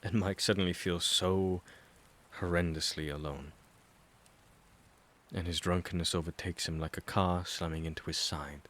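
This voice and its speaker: A man narrating an audiobook, reading a chapter of fan fiction in a steady, even storytelling manner. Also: deep voice, moderate pace, long pauses.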